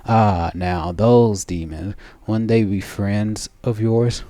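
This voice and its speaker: A man's voice: fairly low pitch, steady tone, slow, mellow, no room sound. A man reading game dialogue aloud, voicing a cunning old hag who talks in a mocking, folksy old-crone way.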